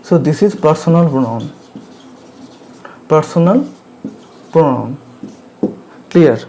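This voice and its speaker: Slow, mellow-voiced Indian English teacher. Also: male voice, on the high side, expressive, slight background noise. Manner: slow and repetitive, checks in with "okay" and "clear?". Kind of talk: grammar lecture.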